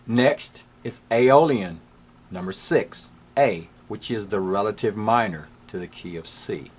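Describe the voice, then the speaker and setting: A man's voice: on the low side, a little slow. A man teaching a music lesson, patiently explaining scales step by step. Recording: faint piano playing behind.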